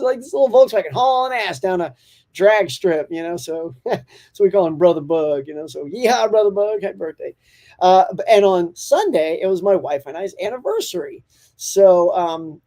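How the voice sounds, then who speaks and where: A man's voice: sits high, lively intonation, fairly quick, mellow. A man hosting a casual morning live-stream chat, upbeat and talkative, laughing often as he reads out and answers viewer comments.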